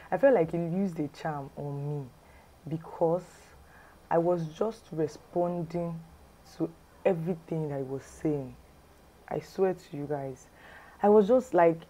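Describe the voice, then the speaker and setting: Mellow-voiced woman with a Yoruba accent. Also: fairly low pitch, highs cut off. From Nigeria. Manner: chatty, exclamatory, lots of "ah" and "like". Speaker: lifestyle vlogger. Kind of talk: casual storytime.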